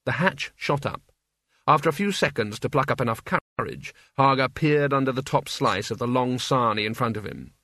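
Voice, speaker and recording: A man narrating an audiobook in a wry, measured storytelling manner. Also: mid-range voice, animated, bright, forceful tone, dry recording. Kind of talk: scripted narration.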